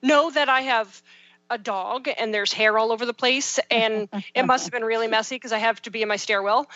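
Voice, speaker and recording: Bubbly high-voiced woman, lively storyteller. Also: a little fast, dry recording, dull audio. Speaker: guest, parenting and life coach. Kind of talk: casual chat.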